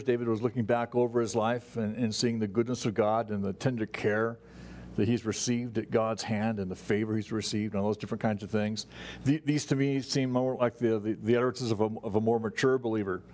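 A man preaching to his congregation in an easygoing, conversational way. His voice sits a little low, and he often stops to restart a thought or adds an "uh". A faint hum of room noise runs under the sermon. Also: a little mellow. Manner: conversational, many fillers and restarts. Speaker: pastor. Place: church sanctuary.

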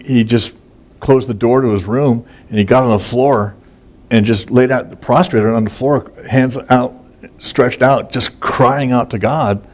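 Casual, low-voiced man preaching. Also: a little mellow. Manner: casual and folksy, many fillers and repeated words. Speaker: pastor. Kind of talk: sermon, conversational Bible teaching.

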